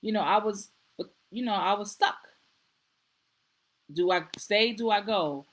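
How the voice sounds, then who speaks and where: A woman's voice: mid-range voice, a little slow, low-quality recording. A middle-aged woman, a nurse practitioner, hosting a casual live-stream talk, earnest and repeating herself as she goes. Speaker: host.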